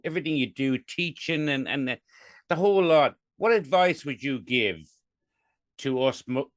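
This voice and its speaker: A man's voice: mid-range voice, dry recording, studio quality. A man hosting a chat show, asking his guest questions in an encouraging, easygoing way and laughing readily. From Ireland. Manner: warm, encouraging, quick to laugh. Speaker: podcast host. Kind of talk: casual interview.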